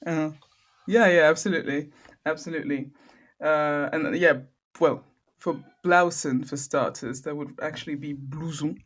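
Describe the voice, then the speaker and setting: A woman's voice: deep voice, normal speed. A woman from France with a French accent, chatting as a guest and carefully correcting pronunciation. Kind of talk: casual interview chat.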